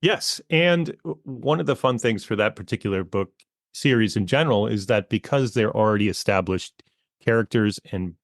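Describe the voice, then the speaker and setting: A man in his forties talks in a relaxed, rambling way, his lowish voice full of fillers as he explains his work. He is close on a microphone in a dry, dead-sounding space. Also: no echo. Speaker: guest, educational comic author. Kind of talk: casual interview talk. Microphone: close podcast mic.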